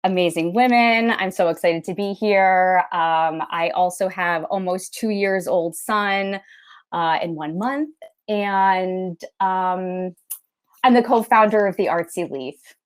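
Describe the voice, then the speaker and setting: A woman's voice: fairly low pitch, slow, clear, resonant tone. A woman introducing herself on a casual online panel, hesitant with many fillers. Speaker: panelist, board member. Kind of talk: casual panel chat on a video call. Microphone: video call.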